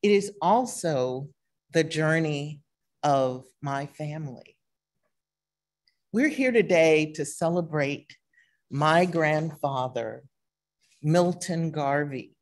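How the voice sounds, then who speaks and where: Slow, low-voiced woman giving a talk. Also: expressive, darkish tone. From East Texas. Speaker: speaker. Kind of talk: formal presentation talk.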